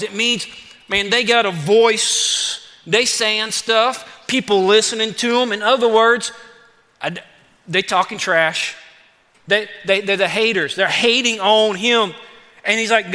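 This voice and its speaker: A man preaching a sermon, lively and conversational, acting out the pleas of the psalm in a casual voice. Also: high voice, normal speed. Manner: animated, acts out David's pleas in casual voice. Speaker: pastor. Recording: long hall reverb.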